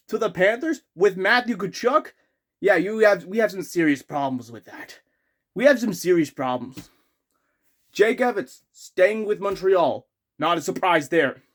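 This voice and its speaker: A man giving a ranting fan commentary, exasperated and sarcastic, rambling with many restarts. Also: high-pitched. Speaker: hockey fan vlogger.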